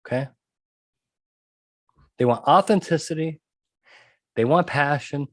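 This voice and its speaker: A man's voice: on the high side, takes it slowly, no echo, studio quality. A man hosting a podcast monologue who talks emphatically, repeats his key points and keeps checking in with "okay?". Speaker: podcast host and trial consultant.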